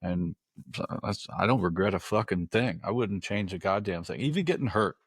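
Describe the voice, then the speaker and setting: A very low-voiced man hosts a podcast with loose, blunt talk and free swearing. His voice sits close and dry, with no room sound around it. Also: animated, normal speed, slightly rough, no echo. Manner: blunt and profane, loose and joking. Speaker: podcast host. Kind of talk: casual interview chat.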